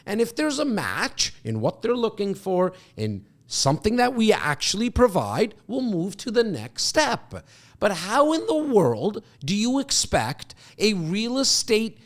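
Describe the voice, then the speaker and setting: A man from Canada hosting a podcast, answering a question casually in loose, animated talk with many restarts. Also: high-pitched. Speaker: podcast host and real estate agent.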